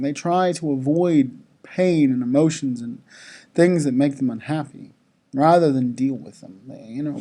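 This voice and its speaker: Someone with a mid-range voice gives a chapel talk to schoolchildren, gently telling a story and posing questions to the listeners.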